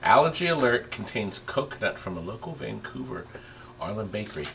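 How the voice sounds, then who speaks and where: A man's voice: fairly low pitch, sing-song, brisk, vocal fry, fairly bright tone, a little hiss or hum, low-quality recording. A man co-hosting a casual show about restoring arcade games, talking enthusiastically and cracking jokes. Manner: chatty, enthusiastic, reads aloud and jokes. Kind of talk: casual on-camera show and tell. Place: amusement game shop or warehouse.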